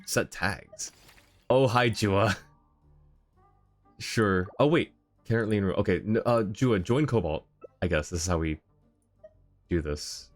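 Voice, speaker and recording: A man's voice: fairly low pitch, unhurried, long pauses, faint music behind. A man streaming a game in casual chat, effusively thanking viewers and laughing often. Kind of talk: casual live-stream chat while gaming.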